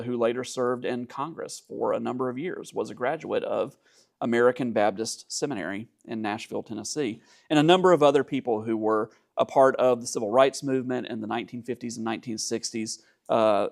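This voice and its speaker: A man's voice: medium pitch, gravelly. A man teaching church history in a conversational way, with dry asides and frequent fillers, from Georgia.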